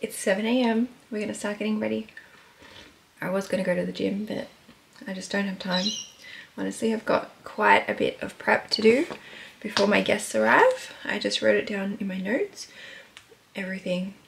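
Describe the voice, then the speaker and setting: A woman's voice: mid-range voice, moderate pace. A young Australian woman chatting casually and upbeat to the camera in a vlog. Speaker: vlogger. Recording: clear background noise.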